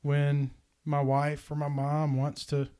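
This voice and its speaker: A man telling a heartfelt personal story in a casual podcast chat, earnest and animated. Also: fairly high pitch, slow pace, smooth. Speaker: podcast host.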